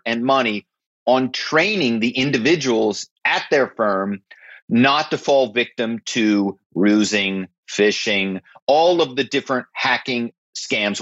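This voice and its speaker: Man, ex-spy guest, husky voice, emphatic, dry dull lo-fi sound. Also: mid-range voice, fairly bright tone, no room sound. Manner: emphatic, keeps asking "right?". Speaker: former corporate spy and author. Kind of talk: interview guest storytelling.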